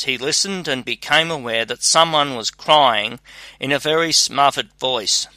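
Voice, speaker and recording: A man reads a fairy tale in an even, measured way. His voice is very bright and close, recorded dry with no room sound. He keeps an unhurried pace. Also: mid-range voice, no room sound. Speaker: narrator. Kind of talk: scripted storybook narration.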